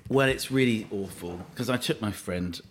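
A man, a guest in casual chat, telling stories in an animated way. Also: fairly low pitch, moderate pace, a little hiss or hum. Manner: animated storytelling.

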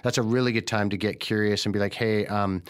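A man speaks in a casual podcast conversation, his voice sitting a little low. He is frank and earnest, drops swear words freely, and slips into other people's voices when he retells what they said. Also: fairly even intonation, fast, clear, resonant tone. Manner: candid and earnest, swears freely, acts out quoted speech.

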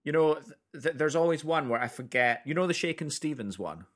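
A man co-hosting a podcast in casual chat, animated and playful, sometimes singing a line as a joke. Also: on the high side, a little fast. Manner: animated, playful, sings lines in a jokey tone. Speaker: podcast co-host.

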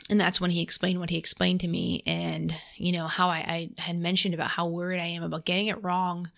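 Woman with a slightly low voice. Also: little pitch movement, fairly quick, creaky, fairly bright tone. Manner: storytelling, heavy use of "like", quotes her own prayers aloud. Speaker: podcast host. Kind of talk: casual faith podcast chat.

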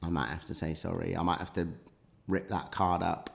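Male guest, lowish voice, rambling storyteller full of ums and restarts, casual podcast chat. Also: steady tone, normal speed, gravelly. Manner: rambling anecdotal, many fillers and restarts.

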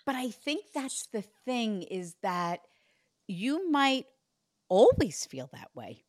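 An animated woman working as a psychic medium, giving a reading in a lively, chatty way. Her voice sits a little high, and the sound is dry and close with no room echo. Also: slow. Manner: animated, acts out the spirit's voice in quotes. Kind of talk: spirit reading session.

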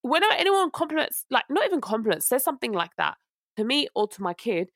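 Young woman co-host, unwell, lively ranting delivery, fairly high pitch, dry close sound. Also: fast, no room sound. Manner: animated ranting storyteller. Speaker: podcast co-host. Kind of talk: casual chat.

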